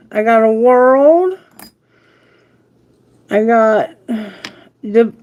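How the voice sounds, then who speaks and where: A woman reading tarot on a live stream, chatting casually and affectionately in a rambling way. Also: fairly high pitch. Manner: affectionate, rambling, baby talk to pets. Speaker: tarot reader.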